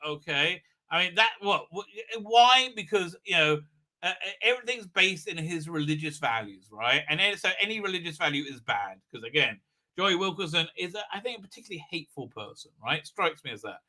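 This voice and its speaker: A man's voice: on the high side, animated, fairly quick, pushed and bright. A man hosting a livestream, giving a rambling, sarcastic commentary, full of fillers and restarts. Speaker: livestream host reviewing a TV episode.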